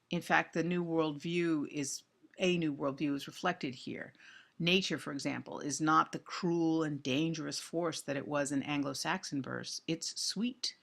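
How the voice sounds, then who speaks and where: A man giving a recorded literature lecture, speaking deliberately and thoughtfully with frequent ums and restarts. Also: on the high side, gravelly, a bit bright.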